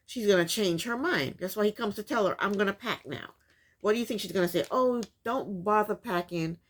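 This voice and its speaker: A woman hosting a casual TV recap, her voice rising and falling in a lively, expressive way. She sounds incredulous at what she retells and circles back to the same point to drive it home. Her delivery is chatty and unscripted. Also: mid-range voice. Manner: incredulous, repeats points for emphasis. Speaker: reality TV recap host.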